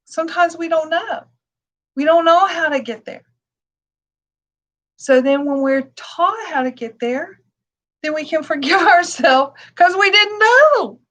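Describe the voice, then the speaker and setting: A woman meditation teacher speaking gently to her class, repeating soft reassurances and laughing lightly now and then. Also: sits high.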